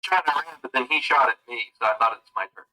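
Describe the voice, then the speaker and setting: Bright-voiced man playing a tabletop game. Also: medium pitch, lively intonation, rapid-fire, rough recording. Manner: asks careful clarifying questions. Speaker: player. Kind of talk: casual tabletop game talk.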